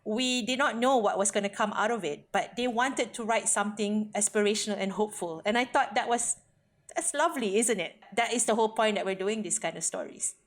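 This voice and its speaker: A woman hosts a podcast and talks casually about the story just played. She sounds chatty and enthusiastic, with a relaxed conversational flow. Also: medium pitch, brisk. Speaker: podcast host. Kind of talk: casual chat.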